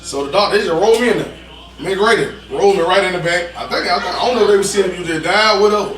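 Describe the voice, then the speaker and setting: A man telling a story in a casual, animated way, repeating himself for emphasis, as a podcast guest. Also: high-pitched, racing, faint music behind. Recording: roomy, distant mic with background noise.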